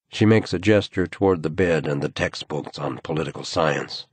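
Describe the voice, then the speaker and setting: Male narrator, very deep voice, slow measured delivery, slightly husky, dry sound. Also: dry recording. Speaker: audiobook narrator. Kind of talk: scripted narration.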